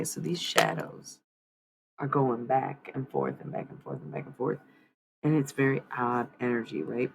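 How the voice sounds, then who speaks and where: A woman's voice: rumbling low, gravelly, slight background noise, low-quality recording. A woman hosting a livestream card reading in casual chat, blunt and swearing freely, talking back sharply.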